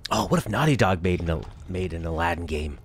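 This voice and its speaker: Brief: deep-voiced young gaming host, lively, chatty and jokey while playing. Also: male voice, fast talker, slight background noise. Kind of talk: casual let's-play commentary.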